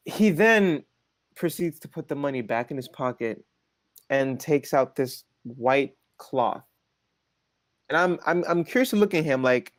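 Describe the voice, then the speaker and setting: A man's voice: medium pitch, measured pace, no echo, studio quality. A young man co-hosting a podcast, telling a family story in casual chat and acting out what everyone said, with lots of restarts. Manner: animated, acts out family quotes, frequent restarts. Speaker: podcast co-host.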